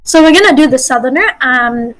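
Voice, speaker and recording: Woman, game master, casual teaching, high voice, chatty, encouraging. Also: lively intonation, brisk, fairly bright tone, rough recording. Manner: chatty, encouraging, laughs often. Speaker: game master, workshop host.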